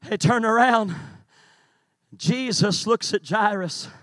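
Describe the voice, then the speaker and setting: A male preacher, rousing a youth camp congregation in a sermon, often shouting and calling out to them. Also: sits high, slow, no room sound.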